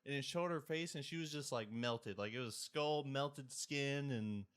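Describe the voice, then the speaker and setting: A young man co-hosting a podcast, casually recapping a TV episode in a rambling, animated way. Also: medium pitch, a little slow, clean tone. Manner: rambling, animated retelling with loud acted-out quotes. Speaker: podcast co-host.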